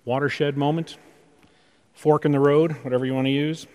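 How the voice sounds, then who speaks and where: A man preaching a conversational sermon, full of rhetorical questions and pauses, in a church sanctuary. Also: fairly high pitch, fairly even intonation, darkish tone. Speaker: pastor. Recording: long reverb of a large hall.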